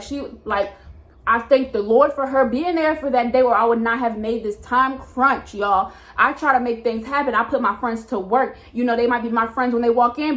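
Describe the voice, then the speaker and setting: A woman in her twenties, a hairstylist, telling a casual storytime vlog in a chatty, animated way with lots of fillers. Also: on the high side. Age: 20s. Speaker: hairstylist and vlogger. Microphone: camera mic.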